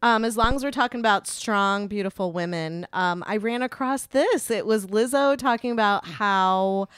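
An easygoing woman hosts a casual chat with a smooth, clear voice. The sound is dry and close. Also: medium pitch, normal speed, fairly bright tone, no room sound. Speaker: host.

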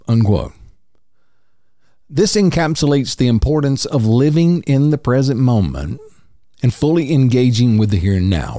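A man hosting a podcast, calmly reading spiritual quotes and explaining each one. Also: medium pitch, dry recording, clean studio sound. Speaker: podcast host.

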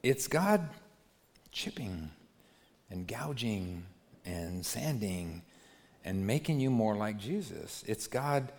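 A man preaching a sermon as a pastor, moving from hushed, gentle passages to loud, animated ones. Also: on the low side, takes it slowly, long pauses. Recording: long hall reverb.

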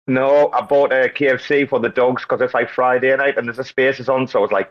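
A man hosting a casual live audio chat with loud, joking banter and free swearing. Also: medium pitch, fast talker. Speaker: host. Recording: dull lo-fi online audio.

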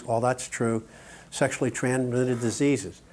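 A man's voice: medium pitch, lively intonation, moderate pace, breathy edge. An older man delivering a sermon-style teaching talk in a mid-range voice. He drives his points home emphatically, breaks off for joking asides, and keeps asking "okay?" to check that his audience is with him. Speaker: conference speaker.

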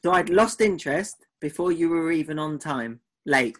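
Husky, teasing man. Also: fairly high pitch, expressive. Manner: teasing, quick-fire, mock-exasperated. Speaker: podcast co-host. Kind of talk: casual podcast banter.

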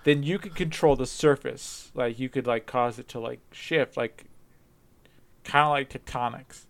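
A man chatting casually on a podcast, his voice smooth and resonant. He rambles through half-formed ideas with lots of fillers and restarts, and he perks up and laughs easily. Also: medium pitch. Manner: rambling, halting, many fillers; laughs often, animated when joking. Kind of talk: casual chat.

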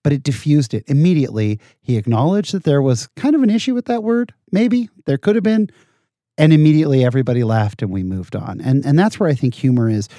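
A man chatting as a guest in a dry, close-sounding room, his voice mellow and relaxed. He tells animated stories with a self-deprecating streak. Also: mid-range voice, fast talker, no echo. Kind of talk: casual conversation.

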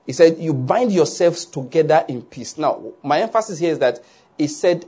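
Husky-voiced man preaching a lively sermon. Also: fairly high pitch, normal speed. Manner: animated preaching, asks "are you getting my point?" often. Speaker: pastor.

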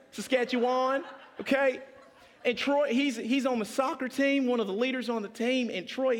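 A man's voice: very high-pitched, voice pushed up. A man voicing an effusive male campus ministry leader who praises someone in front of a crowd. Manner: effusive, announcing, over-the-top praise. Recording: long hall reverb.

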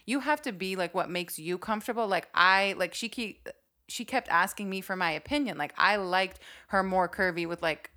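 A young woman co-hosting a casual chat, talking in a relaxed way with lots of "like.". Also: mid-range voice, moderate pace. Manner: relaxed, heavy use of "like". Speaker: podcast co-host.

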